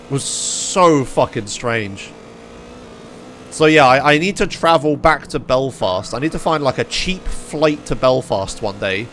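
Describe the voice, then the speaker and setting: A man's voice: medium pitch, measured pace, faint music behind. A young man from England chatting casually on a live stream, ranting in disbelief with lots of swearing and laughter. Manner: animated, incredulous ranting with frequent swearing and laughs.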